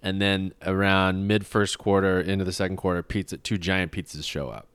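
A man's voice: sits low, steady tone, normal speed, fairly bright tone, smooth, dry recording. A young man co-hosting a podcast, telling crude stories in casual chat and acting out the dialogue. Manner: crude storytelling, acts out dialogue. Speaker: podcast co-host.

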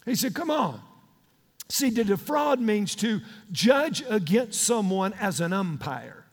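High-voiced preacher man, shouting in a hall. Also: very animated, slow. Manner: folksy, emphatic preaching with sudden shouts. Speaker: pastor. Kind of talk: sermon. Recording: long hall reverb.

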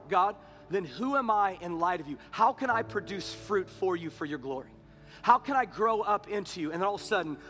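A man in his thirties preaching to a congregation, his fairly high voice rising to emphatic peaks and then falling to near-whispered prayer. Soft music plays faintly beneath his sermon in the church sanctuary. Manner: swings between loud preaching and hushed prayer. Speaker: pastor.

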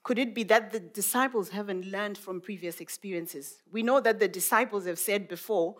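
A woman's voice: medium pitch, fairly quick, few pauses, fairly bright tone. Reflective woman preaching a sermon. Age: adult mother. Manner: reflective, musing with many rhetorical questions.

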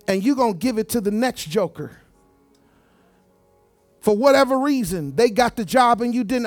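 Male preacher, very high voice, emphatic and repetitive, dry close sound. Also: moderate pace, long pauses, no room sound, soft background music. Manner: emphatic, repeats words, talks straight to the congregation. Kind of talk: sermon.

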